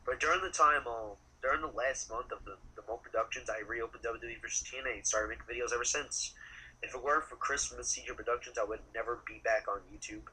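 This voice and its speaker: Bright-toned man, rambling and profane. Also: medium pitch, slightly rough, rough recording. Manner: rambling, halting, casually profane. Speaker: interview guest. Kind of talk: casual chat.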